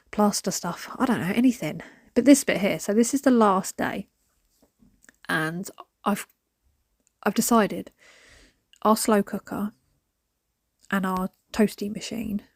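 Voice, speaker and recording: In a small home, a British vlogger in her thirties chats to her phone camera while decluttering, rambling and often dropping to a whisper. Her voice sits in the mid-range, and the studio-quality sound has no room echo.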